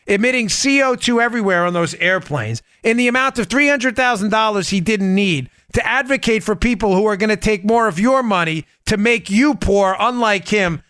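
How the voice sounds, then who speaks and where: A man hosting a political talk podcast, ranting in an animated, mocking way with quick asides. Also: high voice, smooth, no echo, studio quality. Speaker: podcast host. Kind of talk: political talk show monologue.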